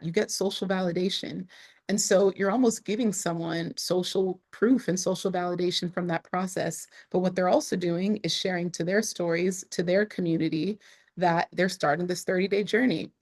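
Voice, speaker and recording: A woman with a fairly low voice tells her story in a loose, conversational interview. She leans on fillers and jumps up in pitch when something excites her. At times she sounds close to tears. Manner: expressive, frequent "like" fillers, rises sharply when excited. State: emotional, near tears at times. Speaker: entrepreneur guest.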